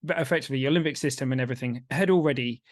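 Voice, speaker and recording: A man's voice: medium pitch, rapid-fire, dry recording, clean studio sound. A man co-hosting a podcast and working as a coach, chatting casually, joking and reflecting.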